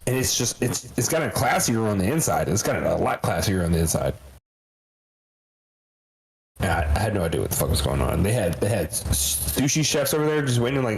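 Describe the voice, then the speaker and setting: A man's voice: medium pitch, expressive, fairly quick, darkish tone, a little hiss or hum. A man co-hosting a casual podcast, rambling through stories with a lot of swearing. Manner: profane, rambling storyteller. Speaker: podcast co-host.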